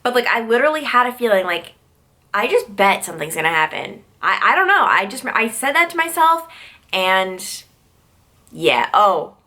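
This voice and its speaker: Bright, chatty young woman vlogging. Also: a little high, sing-song, moderate pace. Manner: chatty, peppered with "like" fillers. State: tired. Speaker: vlogger and news reporter. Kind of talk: casual vlog chat.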